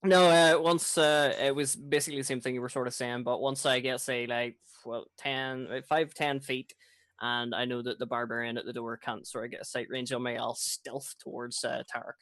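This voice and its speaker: A player in an online tabletop game, talking fast and rambling through his plans. His voice sits at an ordinary mid pitch. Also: flat delivery, a bit bright, dry recording. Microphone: video call.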